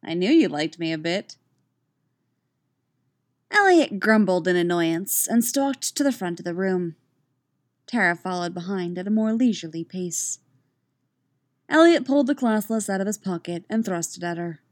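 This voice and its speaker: A woman narrating a novel in a steady, even storytelling voice. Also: medium pitch, normal speed, no echo, studio quality. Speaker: audiobook narrator. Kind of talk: scripted narration.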